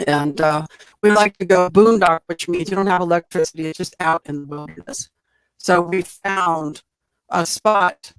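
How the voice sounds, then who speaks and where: A woman's voice: lowish voice, normal speed, clean tone, no echo. Middle-aged lady rambling thru a story on a video call, dry close sound. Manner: chatty, rambling with restarts. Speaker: guest telling an encounter story. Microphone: computer mic on a video call.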